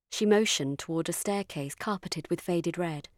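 Woman reading a story aloud, lowish voice, measured and dry, very close sound. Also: no room sound. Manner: measured, dryly witty. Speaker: narrator. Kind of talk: scripted first-person narration.

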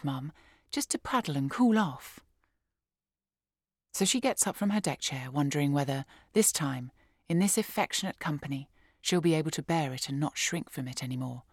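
A woman narrating an audiobook in a calm, measured, clearly enunciated way, close to the mic. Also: low-pitched, dry recording. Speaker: audiobook reader.

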